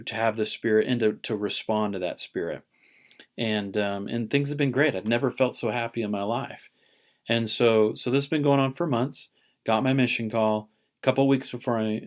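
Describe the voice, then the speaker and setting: Middle-aged male teacher, somewhat low voice, earnest and halting as he tells his class a story. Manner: earnest, halting with many restarts. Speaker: religion teacher. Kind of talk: personal story told to a class.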